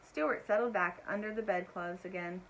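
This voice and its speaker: A woman reading a children's chapter book aloud in a gentle, expressive way, adding little asides for young listeners. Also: medium pitch, moderate pace, a little hiss or hum, poor audio. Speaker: storyteller.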